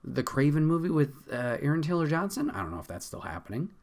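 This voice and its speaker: Male podcast host; lively, swooping delivery; casual, profane, exasperated. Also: a little high, quick pace, creaky. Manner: laughs often.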